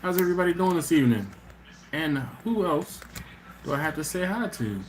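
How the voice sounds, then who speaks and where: A man's voice: on the high side, animated, a little fast, slight background noise. A man hosting a casual live stream, reading out viewer comments in a laid-back, chatty way, often laughing and trailing off mid-sentence.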